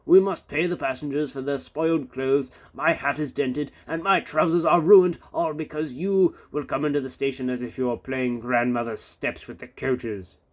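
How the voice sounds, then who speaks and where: A man's voice: medium pitch, fairly even intonation, normal speed, few pauses, close to an everyday voice. A man voicing a pompous, stout railway boss who scolds crossly in a storybook reading. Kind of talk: storybook read-aloud.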